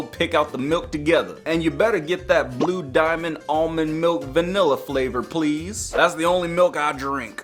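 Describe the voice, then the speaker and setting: A man streaming live, joking and talking back to the videos he reacts to. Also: on the high side. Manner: playful, joking, animated.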